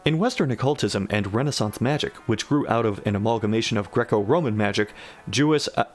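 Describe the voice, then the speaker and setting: A man giving a deadpan comic reading of an absurd story and breaking in with wry asides. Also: on the low side, quick pace. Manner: dry, wry commentary. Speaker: reader of a generated story.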